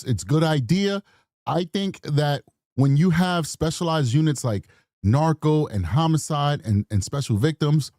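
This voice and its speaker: A man's voice: fairly high pitch, mellow, no echo, studio quality. A man hosting a true crime show in casual, rambling commentary, chatty with apologetic asides. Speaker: true crime podcast host.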